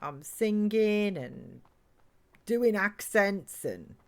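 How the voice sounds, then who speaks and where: A woman's voice: mid-range voice, lively intonation, extremely slow. A woman chatting and giggling while livestreaming a video game. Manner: chatty, giggly, reads chat aloud. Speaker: game streamer. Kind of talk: live let's-play chat.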